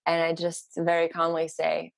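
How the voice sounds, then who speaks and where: Dry, low-voiced woman telling a story. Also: gravelly, no echo. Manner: animated, halting, many fillers. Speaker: podcast guest. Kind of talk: casual storytelling.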